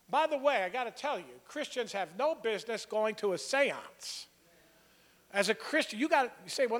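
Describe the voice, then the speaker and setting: A man's voice: extremely high pitch, fairly bright tone, in a large hall. A man preaching an expository sermon, earnest and conversational, building to emphatic points. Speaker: pastor.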